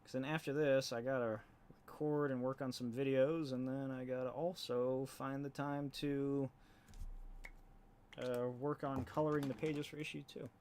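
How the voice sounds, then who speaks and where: A man's voice: medium pitch, fairly even intonation, moderate pace, a little mellow. A comic artist rambling casually on a live stream while he inks, laughing often and swearing offhandedly.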